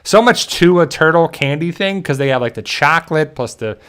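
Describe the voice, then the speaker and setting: A man's voice: a little high, lively intonation, brisk, fairly bright tone, clean tone. A man hosting a casual livestream, reading viewer comments and rambling in a joking way with frequent chuckles. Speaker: channel host reading viewer chat.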